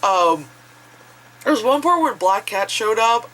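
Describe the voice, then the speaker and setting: A woman vlogger talks loosely to the camera, rambling from one point to the next. She swears freely and laughs often. Her voice is bright and forceful. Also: on the high side, very animated, unhurried, rough recording. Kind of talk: casual rambling vlog chat.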